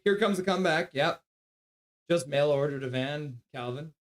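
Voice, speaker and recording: A man hosting a live hockey stream, calling the play, reading chat and cooing at his dog in soft baby talk. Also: fairly high pitch, steady tone, moderate pace. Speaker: streamer host.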